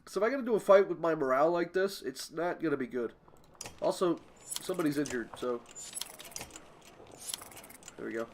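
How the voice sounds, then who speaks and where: A man hosting a gameplay video, chatting casually and lively over game music. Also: on the high side, brisk, long pauses, slight background noise. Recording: game music playing behind.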